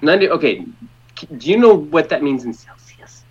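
A man's voice: fairly high pitch, moderate pace, husky. A man from Ontario, Canada, talks as a podcast guest, his voice swinging widely up and down as he cracks sarcastic jokes. The sound is dull and lo-fi, like a remote call. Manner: lively, sarcastic, puts on mock voices. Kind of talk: joking podcast chat.

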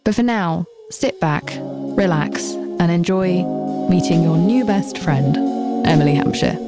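A woman hosting a podcast, her voice hoarse from a cold, talking in an effusive, enthusiastic way. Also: lowish voice, lively intonation, measured pace, loud music behind the voice. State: sick, hoarse voice. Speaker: podcast host. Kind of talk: podcast intro and interview.

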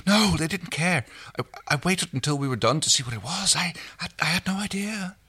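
A man puts on a jumpy young alien woman with a squeaky, high voice that swoops up and down and a bright edge. She talks fast and nervously, always half caught out. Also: animated, breathy edge, exaggerated voice.

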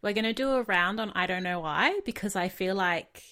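A woman hosting a podcast, calmly guiding a tapping session with short directive prompts. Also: medium pitch, moderate pace. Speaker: podcast host and tapping coach.

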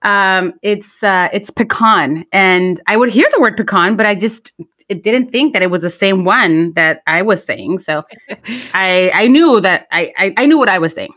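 A woman's voice: medium pitch, lively intonation, moderate pace, fairly bright tone. Laughing woman podcast co-host. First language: Spanish. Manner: laughs often while telling stories, switches into Spanish. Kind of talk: casual chat.

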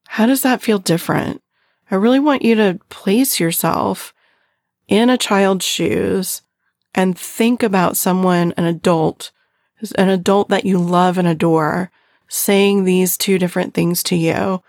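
Middle-aged woman, parenting host, gravelly voice, dry close sound, warm direct address. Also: lowish voice, slow, no echo. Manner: gentle, earnest, addresses listener directly with frequent "right?". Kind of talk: reflective parenting talk.

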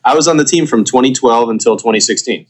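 A man guest on a podcast, talking in a blunt, lively way and quick to interrupt. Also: mid-range voice. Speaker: podcast guest, former baseball player. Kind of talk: casual podcast chat.

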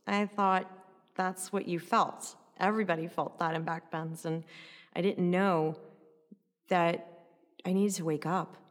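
A woman recounting a personal story in an animated, conversational way, often adding "like" and "right?". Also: on the low side, measured pace, pauses often, big-room sound.

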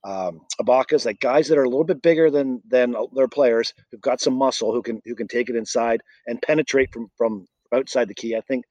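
A man's voice: medium pitch, a little mellow, dry recording. A man co-hosting a casual sports podcast, giving opinionated takes. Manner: opinionated, quick agreeing interjections. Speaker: podcast co-host.

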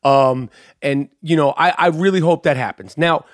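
High-pitched guy hosting a podcast, swears a lot, gets worked up, dry sound. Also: moderate pace, no echo. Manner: blunt and profane, excitable, many restarts. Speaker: podcast host. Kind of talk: podcast interview.

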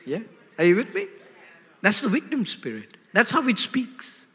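A man's voice: sits high, wildly swooping pitch, normal speed, a bit bright. An older man preaching a sermon emphatically, checking in with his listeners through call-and-response questions. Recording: echoey hall.

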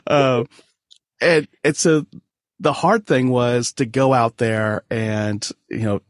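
A man's voice: medium pitch, steady tone, slow pace, no echo, studio quality. A man in his forties, a podcast guest, telling a personal family story in a candid, self-deprecating way with frequent laughs.

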